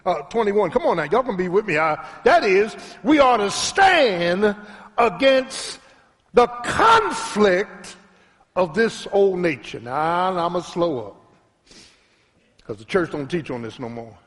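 High, lively preaching man in a church. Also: unhurried. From Philadelphia. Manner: preaching with call-and-response, rising to shouts; drops to a low, quiet storytelling voice. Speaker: pastor. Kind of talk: sermon. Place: church sanctuary. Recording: long hall reverb in a church.

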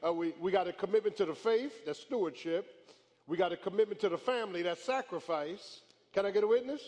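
A male pastor preaching a sermon in a church, moving from soft, quick storytelling to drawn-out shouted lines. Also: sits high, big-room sound. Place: church sanctuary.

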